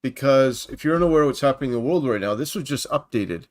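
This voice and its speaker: A Canadian man hosts a Christian livestream from his home computer, talking casually into the mic with a chatty, wandering delivery full of asides. His medium-pitched voice is animated and fast as he reads news from his screen and greets viewers by name.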